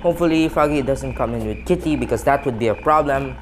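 A man hosting a gaming channel gives let's-play commentary. He is excitable and panicky, counts aloud, and keeps talking to his viewers. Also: medium pitch, fast, noisy background. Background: game music.

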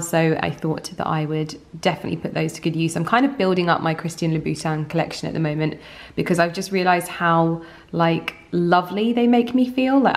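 A young woman vlogging at home in a chatty, casual way, often dropping to soft, hushed speech. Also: lowish voice, vocal fry. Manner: chatty, with frequent fillers like "like" and "um". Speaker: lifestyle vlogger. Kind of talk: casual chat to camera.

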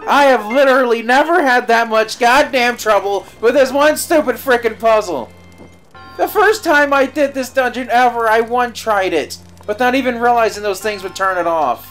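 A man's voice: very high voice, normal speed, fairly bright tone. A man playing a video game on a let's play, talking casually with friends and grumbling at the game. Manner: exasperated, swears mildly at the game. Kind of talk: casual gaming commentary. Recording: game music in the background.

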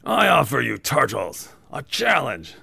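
A man voicing a male ninja villain who issues a menacing challenge, slow and drawn-out, half-whispered. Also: medium pitch, wildly swooping pitch, vocal fry, bright, forceful tone, husky, soft background music, heavily acted.

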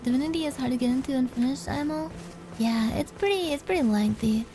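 A woman's voice: high-pitched, brisk. A woman streaming a game, chatting casually, joking, swearing and thinking aloud. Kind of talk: casual gaming chat. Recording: game music behind.

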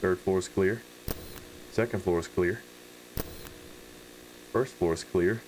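A man's voice: deep voice, slow pace, pauses often, a little hiss or hum, low-quality recording. Jumpy, swearing man gaming. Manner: jumpy, loud, swears often while reacting. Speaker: gaming commentator. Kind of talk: horror game let's play commentary.

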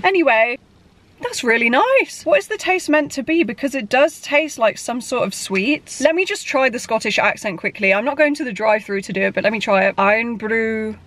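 Young woman, vlogger, chatty, self-mocking, slightly high voice. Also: fairly bright tone, no echo. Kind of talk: casual vlog narration.

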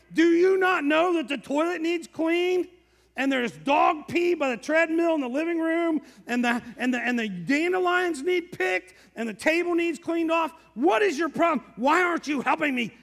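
A man voicing a frazzled, nagging woman from a Bible story, shrill and exasperated. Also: expressive, measured pace, creaky, fairly bright tone, long reverb tail, full character voice.

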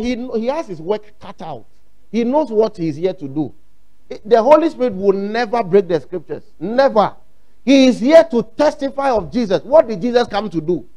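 A man's voice: high-pitched, warm tone. A man with a Ghanaian English accent preaching a sermon, emphatic and repeating his points, acting out quotes. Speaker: pastor.

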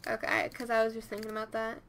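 A woman giving casual let's-play commentary, chatty and easily excited, talking straight to her game characters. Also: a little high, quick pace, a little hiss or hum. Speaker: gameplay commentator.

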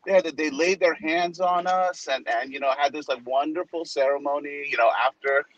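A pastor in his forties in casual chat, an animated storyteller who acts out the people he quotes. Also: fairly high pitch, normal speed, dry recording, highs cut off.

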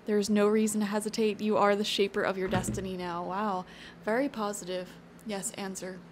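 This encouraging tarot reader keeps her spoken reading loose and chatty, frequently thinking aloud with small fillers. Brisk and middle-pitched, her voice shows little pitch movement, and a faint hiss lingers behind it.

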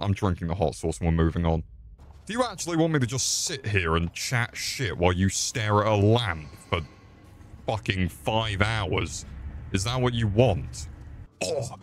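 A young man swearing and mocking himself while streaming a game. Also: lowish voice. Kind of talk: crude live-stream commentary.

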